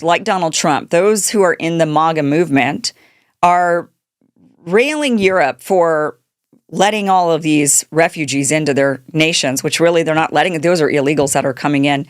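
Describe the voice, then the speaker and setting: Low-voiced woman hosting heated commentary. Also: dry recording, studio quality. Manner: indignant, rhetorical questions, frequent restarts. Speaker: political commentary show host. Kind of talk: unscripted political commentary monologue.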